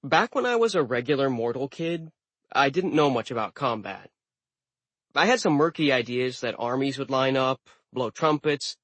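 A man reads a first-person novel aloud in scripted narration, mid-pitched and even. His delivery is wry and deadpan. The recording is dry and close. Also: no echo. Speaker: audiobook narrator.

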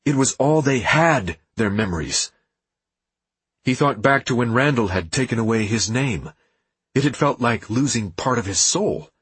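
A man narrating an audiobook in a steady, measured reading with a husky voice. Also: medium pitch, dry recording.

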